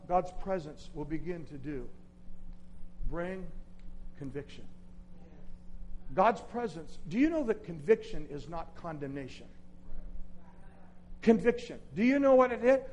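A man preaching a sermon as pastor, swinging from shouted declarations to hushed, quiet passages. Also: high-pitched. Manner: impassioned preaching, swinging from shouts to near whispers.

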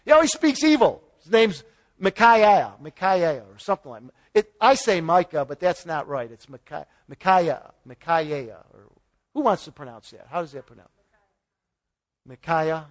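A man's voice: on the high side, expressive, normal speed. A man giving an informal Bible teaching, retelling the story in a folksy way with paraphrased dialogue and chuckles. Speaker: preacher.

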